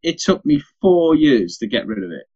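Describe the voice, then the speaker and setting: A man's voice: mid-range voice, normal speed, breathy edge, highs cut off. A young father, telling stories in a casual podcast chat, swearing freely. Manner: sweary, animated anecdote teller.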